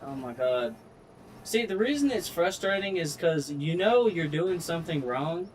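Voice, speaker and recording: A man's voice: fairly high pitch, lively intonation, a little hiss or hum. A man narrating his own gameplay in casual commentary, frustrated and swearing freely as he talks himself through each step. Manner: frustrated, swears a lot, slow drawl. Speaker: gaming streamer.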